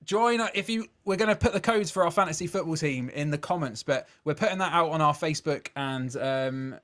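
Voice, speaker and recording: A man's voice: on the high side, brisk, fairly bright tone. A man co-hosting a casual chat show, chatty and often laughing. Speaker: co-host.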